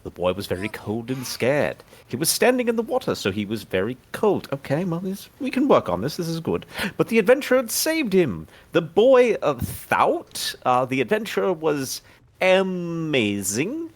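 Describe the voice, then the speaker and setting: Man putting on a posh British accent, fussy polite adventurer, husky tone, swoops high and low. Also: huge pitch swings, moderate pace, exaggerated voice. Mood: storytelling. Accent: put-on British. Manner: theatrical, exasperated reading aloud. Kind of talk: voicing a game character on stream.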